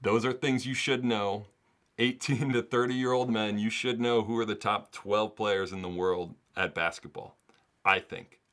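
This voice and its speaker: Chatty man with a low voice. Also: fairly even intonation, a little slow, fairly bright tone. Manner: chatty and earnest, laughs often mid-sentence. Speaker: sports channel host. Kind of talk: casual solo commentary to camera. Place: home setup in the US.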